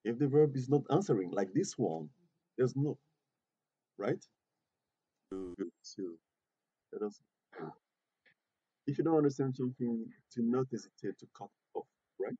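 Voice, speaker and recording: A man teaches grammar to a class, his voice very dark and a little husky. He talks patiently, repeats his words and keeps checking that everyone follows. The recording is dry and muffled, with little room sound. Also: mid-range voice, lively intonation, unhurried, pauses often, no room sound. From Côte d'Ivoire. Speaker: English teacher.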